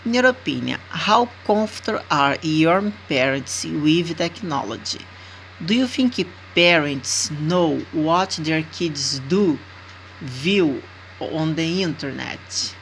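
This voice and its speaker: A Brazilian woman whose first language is Portuguese, teaching an English lesson in a slow, deliberate way and often checking in with 'okay?'. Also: low-pitched, expressive, slight background noise, poor audio.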